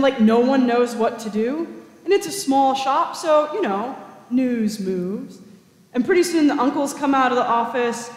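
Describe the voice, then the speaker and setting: Guy preaching, chatty storytelling, pretty high voice, big echoey cathedral. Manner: conversational, casual asides. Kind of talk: storytelling sermon.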